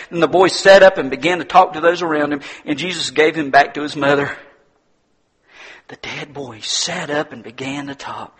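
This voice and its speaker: A male preacher delivers a sermon in a dramatic storytelling manner. His voice sits a bit high and has a husky edge. He drops to near whispers and rises to loud, ringing declarations. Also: normal speed.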